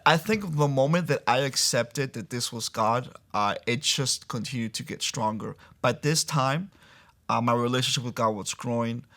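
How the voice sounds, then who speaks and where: A man's voice: medium pitch, moderate pace, a bit bright. Guy telling his testimony in an interview at church, earnest, lots of "like" fillers, medium voice. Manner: earnest storytelling with frequent "like" and "I'm like" fillers. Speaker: guest sharing a faith testimony. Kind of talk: personal testimony in a sit-down interview. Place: church building.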